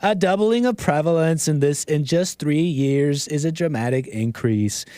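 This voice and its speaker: A man voicing a laid-back young male stoner, reading in a low, mumbling drawl. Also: moderate pace, warm tone, no room sound, natural voice. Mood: dopey, drawling. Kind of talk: mock reading and impression on a livestream.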